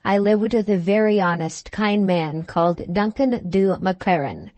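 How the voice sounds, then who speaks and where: A woman's voice: medium pitch, measured pace, a little mellow, no echo, close to an everyday voice. A woman reading an audiobook speaks the lines of a shy but proud young country lad in an earnest, formal manner.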